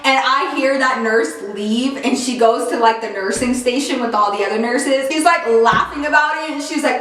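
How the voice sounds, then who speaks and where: A woman's voice: on the high side, moderate pace, hardly any pauses, fairly bright tone. A woman vlogger telling a storytime in casual slang, packed with "like" fillers. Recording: very echoey room, far from mic.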